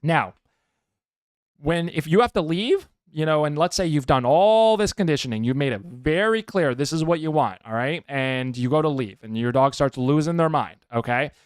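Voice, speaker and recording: Man, dog trainer podcast host, emphatic and chatty, smooth clear voice, dry close mic. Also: on the high side, expressive, normal speed, no room sound. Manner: emphatic, keeps checking in with "okay?". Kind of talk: casual advice talk.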